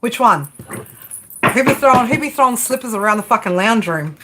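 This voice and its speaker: Woman, tarot streamer, casual and crude, animated pitch, noisy home mic. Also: brisk. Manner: casual, profane, laughs often, talks back to chat. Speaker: tarot reader. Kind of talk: live stream tarot reading, chatting with viewers.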